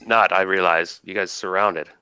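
A man's voice: low-pitched, steady tone, normal speed, sharp tone, clean tone, no echo. A man running a tabletop game as game master, casually narrating combat and thinking aloud over dice rolls.

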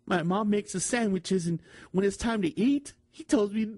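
A man's voice: darkish tone, breathy edge. A man playing a fake runaway teen boy on a prank call, who stammers and rambles. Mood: rambling. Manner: halting, stammering, mumbly and low. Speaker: prank caller.

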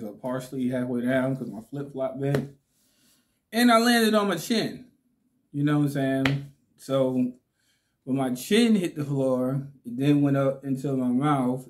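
A man hosting his own vlog in a relaxed, slangy way, talking with a slight lisp because his cheeks are swollen. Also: medium pitch. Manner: slow, laid-back, slangy, laughs often. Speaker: channel host. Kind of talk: casual vlog talk to camera.

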